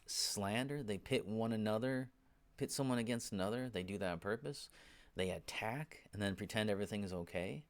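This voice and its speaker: A man with a low, gravelly voice leads a casual Bible teaching. He talks to his listeners rather than at them, peppering his points with "right?" and "you know". When he tells them what not to do, he presses the words firmly. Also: fairly quick. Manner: informal, keeps checking in with "right?" and "you know"; grows emphatic when exhorting.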